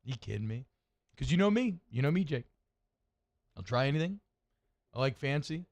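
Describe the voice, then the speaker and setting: A sports radio co-host with a mid-range voice talks at normal speed, the highs cut off. Animated and rambling, he chats casually and builds into rants with rising energy.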